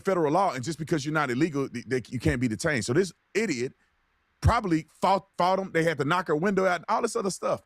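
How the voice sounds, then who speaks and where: A man co-hosting a reaction video in rambling, slangy casual commentary. His voice swings widely up and down in pitch. The recording is dry and close, with no room sound. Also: animated, quick pace, dry recording. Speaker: co-host.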